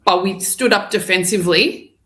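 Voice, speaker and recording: A woman, a podcast guest, talking football with enthusiasm in long, excited stretches. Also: mid-range voice, normal speed, echoey room. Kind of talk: casual football chat.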